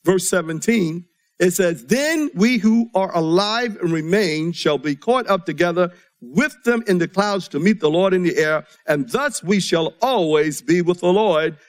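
A man preaching a sermon to a congregation, reading scripture aloud, his delivery swinging between soft, quiet passages and rising emphasis. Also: high voice, expressive, unhurried.

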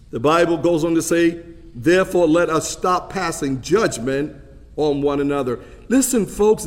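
A man preaching a sermon, emphatic and dramatic, swinging between loud declarations and softer asides. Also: high voice, in a large hall. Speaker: pastor.

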